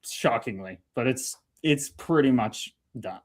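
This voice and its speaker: A man hosting a casual livestream chat, relaxed and laughing often, calling everyone "dude". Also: mid-range voice, unhurried. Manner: laid-back, peppered with "dude", laughs often. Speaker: host.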